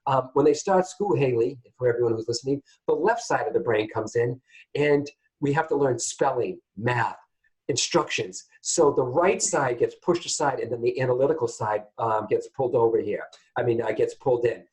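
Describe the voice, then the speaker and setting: A man hosting a call-in psychic reading show, chatty and animated, often turning to address his listeners. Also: medium pitch, moderate pace, poor audio. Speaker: psychic medium host.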